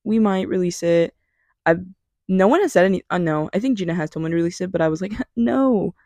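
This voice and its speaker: A young woman hosts her own podcast solo from her bedroom, rambling in a scattered, self-deprecating way and swearing casually. Her voice is lowish and dark-toned, she talks fast, and the small mic picks up no room sound.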